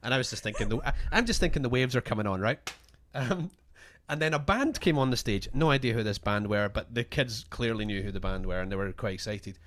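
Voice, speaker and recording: A man's voice: mid-range voice, animated, brisk, hardly any pauses, a bit bright. A man co-hosting a podcast, telling a rambling, self-deprecating travel story in casual chat. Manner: chatty, self-deprecating, restarts. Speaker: podcast co-host.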